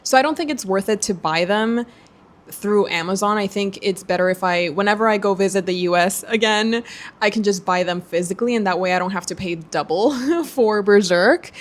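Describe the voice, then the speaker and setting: A young woman vlogging casually to camera as she browses online, chatty and giggly, talking to herself. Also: medium pitch. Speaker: book vlogger.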